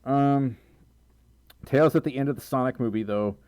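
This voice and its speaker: A man's voice: medium pitch, moderate pace, darkish tone, clear, resonant tone. A man chatting casually on a livestream, reading out viewer donations. He talks in a chatty way and often stammers, repeating words.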